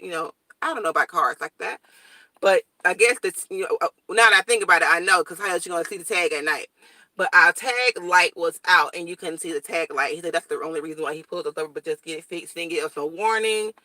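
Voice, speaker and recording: A young woman chats to her viewers in a casual morning vlog, blunt and straightforward. Her voice is bright and sharp. The sound is dry and close, with no room echo. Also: medium pitch. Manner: blunt, straightforward, animated storytelling. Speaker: vlogger.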